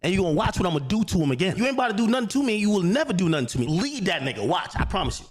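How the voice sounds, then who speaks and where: Heated man ranting, high voice. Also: sing-song, racing. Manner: swears a lot, repeats himself, grows loud and shouting. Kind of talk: heated storytelling rant.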